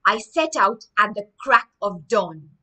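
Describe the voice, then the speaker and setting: A woman's voice: mid-range voice, very animated, a little slow, bright, forceful tone. A woman reading aloud as a boy telling his own embarrassing story in storybook style. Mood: storytelling. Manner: storybook first-person narration.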